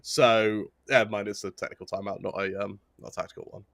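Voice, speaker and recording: A man giving relaxed, analytical color commentary on an esports match, with long explanations. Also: on the low side, fairly quick, creaky, no echo. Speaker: esports caster.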